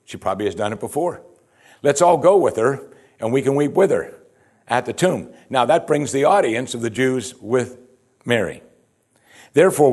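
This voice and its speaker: A man with a mid-range, darkish, slightly rough voice preaches a verse-by-verse Bible teaching sermon. He reads scripture and explains it through rhetorical questions and a repeated "you see."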